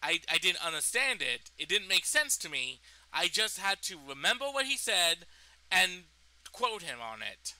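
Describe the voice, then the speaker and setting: A young man rambles through a personal story, swearing and restarting his sentences. His voice sits high and sounds very bright and sharp. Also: sing-song, moderate pace, rough recording. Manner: rambling, profane, full of fillers and restarts. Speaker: storytime vlogger. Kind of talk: casual storytime.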